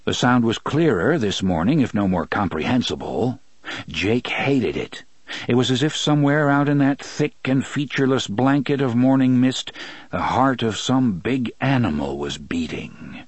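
A man narrating an audiobook with expressive storytelling. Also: medium pitch, moderate pace, breathy edge, no echo. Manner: expressive storytelling, many voices. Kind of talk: scripted narration.

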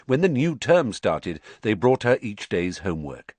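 A man reading a storybook aloud, narrating in a lively, expressive way. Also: fairly low pitch, unhurried, dry recording.

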